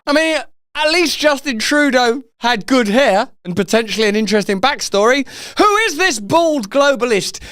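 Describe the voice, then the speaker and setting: High, crisp-voiced mocking male commentator. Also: lively intonation, moderate pace, dry recording, clean studio sound, soft background music. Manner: mocking, theatrical, swings between shouts and mutters. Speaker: host. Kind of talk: sarcastic political commentary.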